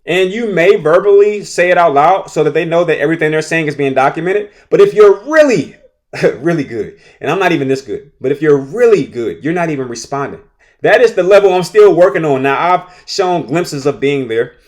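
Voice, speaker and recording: A man hosts a solo podcast on teaching, chatting loosely in a slightly higher than usual voice. He restates his points and now and then acts out a scolding teacher or a mouthy student. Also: expressive, a little fast. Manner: conversational, repeats himself, acts out angry teachers and rude students. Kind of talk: solo podcast advice talk.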